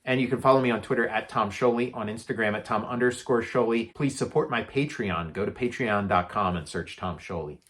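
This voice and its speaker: A man's voice: lowish voice, a little fast, few pauses, fairly bright tone. A man co-hosting a casual chat about movies, rambling with lots of filler words. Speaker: podcast co-host.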